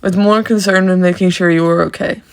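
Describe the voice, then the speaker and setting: A man voicing a caring young man who tends to an injured woman, in a calm, gentle reading. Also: sits high, quick pace, clean tone. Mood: concerned.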